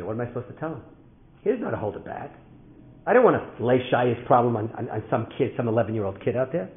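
A man preaches in a lively, storytelling manner, his pitch swinging widely as he acts out scenes and bursts into shouts. His voice has a gravelly rasp. The recording is thin and phone-like, ringing in a big echoey room. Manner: animated, dramatic storytelling with rising shouts. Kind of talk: sermon storytelling.

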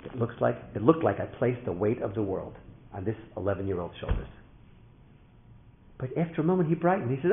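Animated male preacher, gravelly, echoey hall. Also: on the low side, quick pace. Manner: animated, dramatic storytelling with rising shouts. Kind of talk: sermon storytelling. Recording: thin phone-like sound in an echoey hall.

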